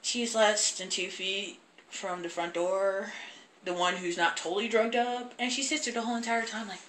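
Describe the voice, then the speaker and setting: Young woman vlogger, casual rambling rant, bright tone, echoey room. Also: medium pitch, normal speed, a little hiss or hum. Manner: profane, rambling, animated. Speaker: film reviewer. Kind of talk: casual ranting review.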